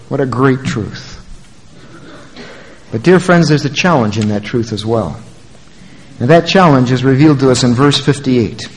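A man preaching a sermon, moving between quiet, low asides and loud, emphatic passages. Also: a little slow, long pauses, big-room sound, rough recording.

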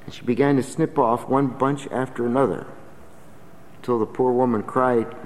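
A man's voice: mid-range voice, fairly even intonation, moderate pace, long reverb tail. A man preaching a sermon in an earnest, emphatic, exhorting manner.

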